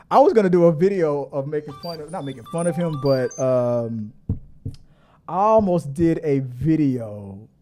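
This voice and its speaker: A middle-aged man hosting a casual live stream, laughing often and reading viewer comments aloud. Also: fairly high pitch. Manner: laughing, animated, reads chat comments aloud.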